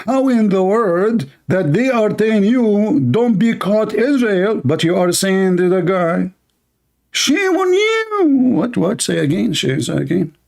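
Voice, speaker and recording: Male streamer, high pitch, jeering and scornful, broken grammar. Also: creaky, darkish tone. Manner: taunting, insulting, non-native grammar. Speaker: online debate streamer. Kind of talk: mocking live commentary.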